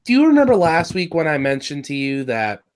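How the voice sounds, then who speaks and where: A man hosting a casual review chat, rambling and excitable, swearing often and restarting his sentences. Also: a little high, brisk. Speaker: podcast host reviewing cartoon episodes.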